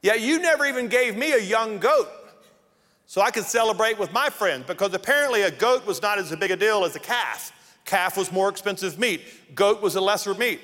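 A male pastor preaches with a fairly high, swooping voice that rises and falls with emphasis. He leans into dramatic pauses and acts out the quotes. His voice rings with the long echo of a large church hall. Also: expressive, sharp tone. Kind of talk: sermon.

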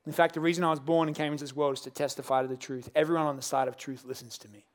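A man acting out a calm male teacher who speaks low, hushed and measured. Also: natural voice. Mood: calm, firm. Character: calm, steady male teacher, quietly firm.

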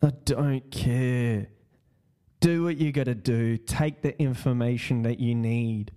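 A man's voice: mid-range voice, slow, dark tone, clean tone. A man hosting a casual solo podcast, rambling, swearing and repeating his words. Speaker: podcast host.

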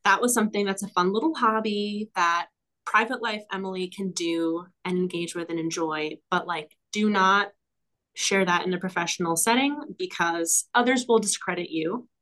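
A woman's voice: medium pitch, moderate pace, fairly bright tone. Enthusiastic woman podcast guest. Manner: enthusiastic, reflective, frequent fillers and laughs. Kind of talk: casual conversational interview.

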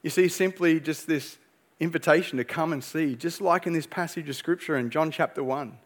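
A man's voice: on the high side, normal speed. A young man preaching a sermon as pastor, earnest and emphatic, pressing his points with rhetorical questions.

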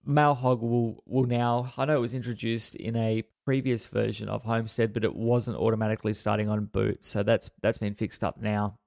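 Gravelly Australian man, low voice. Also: a little mellow, no echo, studio quality. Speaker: podcast co-host. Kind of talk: casual tech podcast chat.

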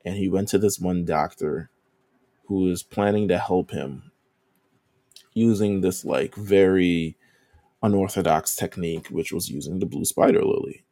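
A podcast co-host recaps an anime season in casual conversation, rambling with lots of "ums" and casual swearing. His deep, dark-toned voice keeps a measured pace on a dry recording.

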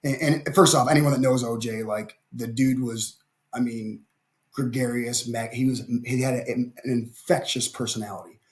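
A man's voice: mid-range voice, fairly even intonation, normal speed. A middle-aged man from Ohio, a podcast guest telling a story animatedly with stammering restarts. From Ohio, USA. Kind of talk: conversational interview.

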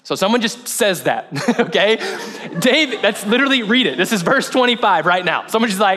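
A man's voice: sits high, lively intonation, fairly quick, pushed and bright. A male pastor giving a casual, chatty sermon at a church service, quizzing the congregation as he goes. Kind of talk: conversational sermon.

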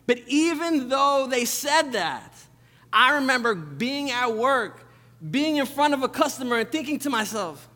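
A young man delivers a sermon in a relaxed, conversational way, often restarting his sentences and adding asides. His voice sits high for a man. The sound has the long reverb of a church hall. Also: unhurried. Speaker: pastor. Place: church sanctuary.

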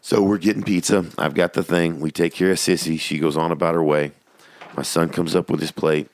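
A man's voice: low-pitched, fairly quick, dry recording, clean studio sound. A man in his thirties, a comedian, telling family stories in casual podcast chat and swearing casually. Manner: animated storyteller, swears casually.

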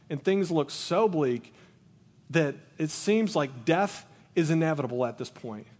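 A pastor delivers his sermon in a notably high voice for a man. He reads scripture slowly, then presses his points with earnest, mounting emphasis. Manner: earnest, rising to emphatic passion.

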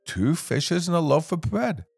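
A man's voice: fairly high pitch, big pitch swings, unhurried, gravelly, darkish tone, breathy edge, no room sound, clean studio sound, soft background music, pitched above the performer's own voice, exaggerated voice. Man doing a shy, humble small boy. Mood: earnest. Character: small boy sharing his lunch, humble.

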